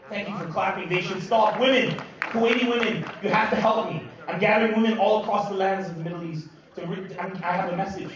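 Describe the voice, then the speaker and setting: Performing stand-up before a live audience in a large comedy venue, a man from Lebanon speaks at a quick pace, loud and animated, his voice pitched fairly high. He is picked up from far away in an echoing, booming hall, the sound dull and lo-fi beneath the crowd's loud laughter.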